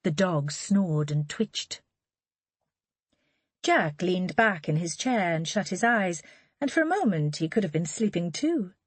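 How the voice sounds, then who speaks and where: A woman reading a crime novel aloud as an audiobook narrator, with even, measured storytelling. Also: fairly low pitch, no echo. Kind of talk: scripted narration.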